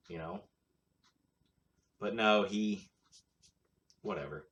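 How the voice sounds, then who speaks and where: A man talks at an unhurried, drawn-out pace in a somewhat low voice, hosting his own casual commentary show. He rambles from point to point with blunt, crude remarks and dry sarcasm. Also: fairly bright tone. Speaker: show host.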